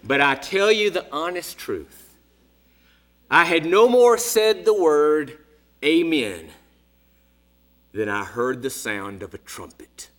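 Man in his sixties, preacher, high voice, very lively pitch, dramatic sermon storytelling. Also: slow pace, long pauses. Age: 60s. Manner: dramatic, swinging from hushed whispers to shouts.

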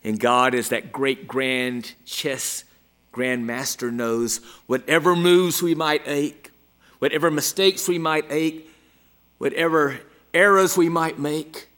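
A man preaching a sermon, emphatic and dramatic, moving from loud exclamations down to hushed near-whispers. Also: on the high side, steady tone, takes it slowly.

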